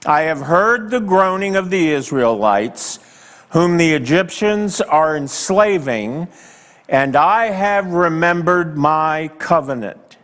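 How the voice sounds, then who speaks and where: Male pastor, sermon, unhurried and emphatic, lively swooping delivery, slightly raised pitch, long church-hall reverb. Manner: slow, emphatic preaching with dramatic pauses; asks the congregation direct questions.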